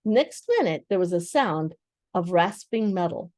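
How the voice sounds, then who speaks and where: An older woman reading a children's novel aloud in a gentle, expressive storytelling voice. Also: fairly low pitch, measured pace, no room sound, clean studio sound. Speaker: storybook reader.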